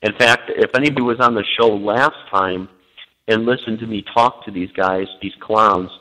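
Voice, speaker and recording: A man's voice: fairly low pitch, fairly even intonation, moderate pace, pushed and bright, rough recording. A man, a guest minister, chatting on a talk show over the phone, hesitant with many fillers and given to joking. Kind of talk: casual chat on a talk show.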